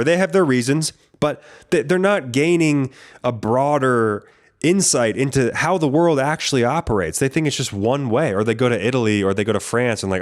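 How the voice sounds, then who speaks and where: A man's voice: mid-range voice, animated, brisk. Profane rambling man. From United States. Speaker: podcast host. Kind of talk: casual storytelling monologue.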